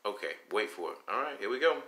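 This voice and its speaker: A man's voice: lowish voice, expressive, quick pace, reverberant, heavy background noise. A man hosting a live stream, talking casually and bluntly and reading viewer comments aloud.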